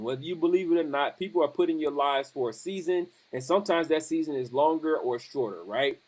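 A man hosting a podcast, telling a lively military story in casual chat and laughing often. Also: fairly high pitch, fairly quick, few pauses, slightly rough. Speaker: podcast host.

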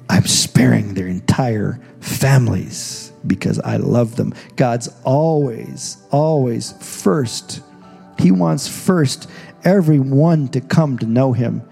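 A man's voice: medium pitch, big pitch swings, slow pace, gravelly, mellow, soft background music. A man preaching a sermon as pastor, telling the story in a casual, joking way. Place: church stage.

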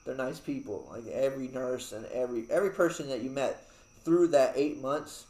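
A man's voice: mid-range voice, brisk, mellow, reverberant. A young man telling a story in casual chat, rambling and swearing, with lots of fillers. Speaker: new father.

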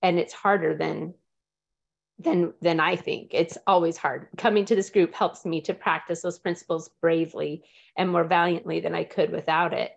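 A woman's voice: on the low side, fairly even intonation, moderate pace, gravelly, muffled recording. A woman, sharing earnestly and emotionally with a group, close to tears. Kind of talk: heartfelt personal sharing.

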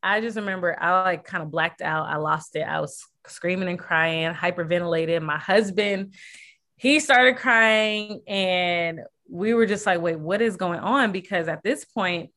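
A woman's voice: fairly low pitch, a little slow, fairly bright tone. A young woman candidly recounting a personal story, using many fillers and acting out what people said. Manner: candid, filler-heavy, acts out quoted voices. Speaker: guest sharing personal story.

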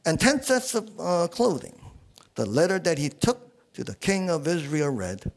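A man preaching a sermon as a guest speaker at a small church, halting with many fillers and pausing to ask the congregation rhetorical questions. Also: fairly high pitch, very animated, creaky.

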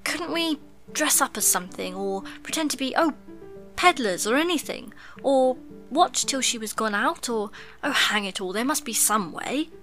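A woman's voice: a little high, expressive, moderate pace, a bit bright, soft background music. A woman voicing an eager, determined schoolboy in a storybook reading, urgent and tumbling.

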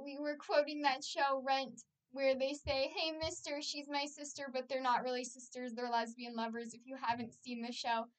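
A woman's voice: sits high, a bit bright, distant mic. A young woman co-hosting a casual podcast, telling stories in an upbeat way with frequent laughs. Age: young adult. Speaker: podcast co-host. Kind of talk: casual chat.

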